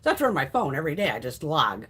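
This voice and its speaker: A woman's voice: low-pitched, fast, breathy edge. A middle-aged woman from Connecticut hosting a livestream, telling blunt, profanity-laced stories in casual chat while she is stuffy from a sinus infection. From Connecticut, USA. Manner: blunt, swears freely, lively storytelling. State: stuffy nose. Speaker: livestream host.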